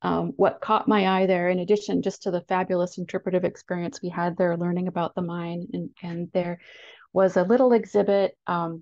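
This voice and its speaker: A woman presents slides at a seminar in a low, flat voice with a gravelly edge. She talks haltingly, full of ums and restarts. The sound is a dull, dry video-call recording. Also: dry recording. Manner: hesitant, many ums and restarts. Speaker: national park historian presenting at a seminar. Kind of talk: slide-based seminar talk.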